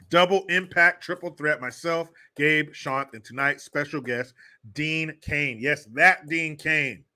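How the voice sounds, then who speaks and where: Profane, bright-voiced ranting man. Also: a little high. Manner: profane, heated, mocking. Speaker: livestream host. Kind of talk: ranting commentary livestream.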